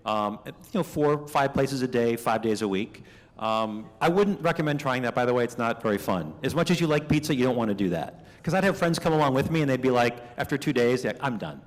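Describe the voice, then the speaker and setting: A middle-aged man from Minnesota giving a conversational keynote speech, telling stories with lively asides. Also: medium pitch. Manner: chatty, animated storytelling with asides. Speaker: keynote speaker. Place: banquet hall. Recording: reverberant banquet hall.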